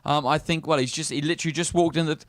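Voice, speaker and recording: A man's voice: a little high, fairly even intonation, rapid-fire, a bit bright, dry recording. Chatty cruise-ship host man. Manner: upbeat, chatty, teasing. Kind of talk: casual chat show.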